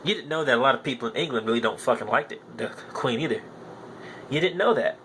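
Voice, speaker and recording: Ranting young man, lively voice. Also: mid-range voice, quick pace, a little hiss or hum. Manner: profane, ranting, repeats himself insistently. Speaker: podcast host. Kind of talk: heated monologue.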